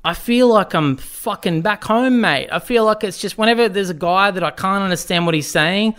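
An Australian man co-hosts a podcast, explaining slang in a wry, casual manner with the odd swear word. His voice sits fairly high and sounds smooth and resonant. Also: moderate pace, fairly bright tone. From Newcastle, Australia. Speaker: podcast co-host. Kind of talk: casual film chat.

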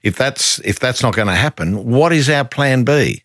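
A man's voice: mid-range voice, lively intonation, moderate pace, fairly bright tone, no echo, clean studio sound. A male host asking probing questions and voicing frustration. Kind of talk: interview questions.

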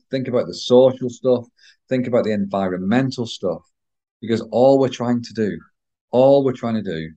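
A man with a croaky voice talking to listeners as a business coach, earnest and repetitive. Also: lowish voice, warm tone. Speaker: podcast host, business coach. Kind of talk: solo talk to listeners.

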